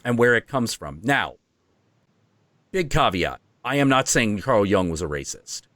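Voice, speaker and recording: Animated man explaining on a podcast. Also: fairly low pitch, a little slow, no room sound, studio quality. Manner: animated explaining, frequent asides and fillers. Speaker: host. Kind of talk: casual podcast chat.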